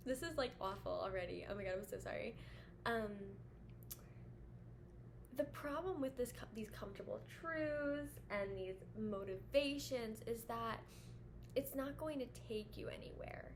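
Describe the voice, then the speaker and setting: A woman's voice: on the high side, measured pace. A young woman talking casually to camera about dating advice for women, blunt, chatty and full of swearing and fillers. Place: indoors at home with air conditioner running. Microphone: camera facing her. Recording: audible background hum at home.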